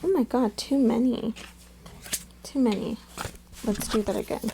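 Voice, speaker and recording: A woman's voice: fairly high pitch, measured pace, creaky, heavy background noise. A woman doing a casual tarot reading, chatting straight to her viewers and calling them her loves. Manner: chatty, addresses viewers as "my loves" and "you guys". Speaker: tarot reader.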